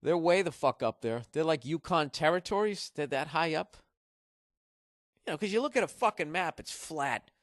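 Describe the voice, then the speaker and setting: A man's voice: a little high, lively intonation, moderate pace, dry recording, studio quality. Profane, riffing man. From Massachusetts, USA. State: jet-lagged. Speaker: podcast host, comedian. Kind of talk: rambling comedic monologue. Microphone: podcast studio mic.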